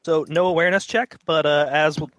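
A man running a tabletop game as game master, giving rulings and narration in a relaxed, matter-of-fact way. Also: a little high, fairly quick.

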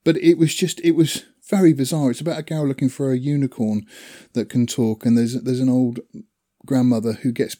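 A man's voice: mid-range voice, fairly even intonation, brisk, mellow. A man chatting casually about films he has watched, rambling with fillers and small laughs. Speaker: film reviewer. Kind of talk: casual film chat.

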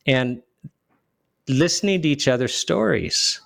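A man, a lawyer, speaking earnestly as a guest in an interview, often pausing and restarting as he gets emotional. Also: mid-range voice, expressive, gravelly, a bit bright, no room sound, clean studio sound. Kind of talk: casual interview talk.

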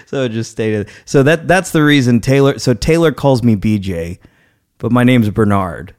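Guy in his 30s telling a story on a podcast, mid voice, goes way up when he does the other people's lines. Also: normal speed. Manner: animated storytelling, acts out quoted people with rising pitch. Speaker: podcast co-host. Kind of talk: casual chat.

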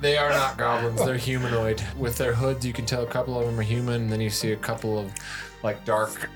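Brief: easygoing male game master, mid-pitched, music playing underneath. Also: level tone, fairly quick. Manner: loose and chatty, lots of "like", laughs often. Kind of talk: narrating a tabletop game.

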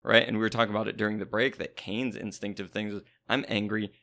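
A man's voice: lowish voice, little pitch movement, quick pace, gravelly, pushed and bright. A man explaining scripture in an easygoing, casual Bible discussion.

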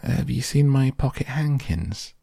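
A man's voice: medium pitch, animated, unhurried, creaky, warm tone, breathy edge, no room sound, studio quality, pitched above the performer's own voice, heavily acted. A man voicing a curious little girl who keeps asking eager questions.

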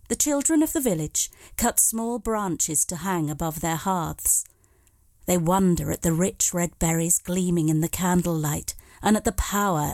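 A woman narrating a short dark tale in a measured, calm voice. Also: lowish voice, creaky, no echo, studio quality. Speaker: story reader. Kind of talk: scripted narration.

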